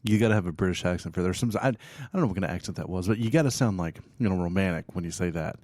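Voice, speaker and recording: A man's voice: deep voice, very fast, a little mellow, no echo. A man hosting a casual metal review show, talking in a loose, rambling, jokey way with lots of fillers. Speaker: podcast host reviewing metal bands.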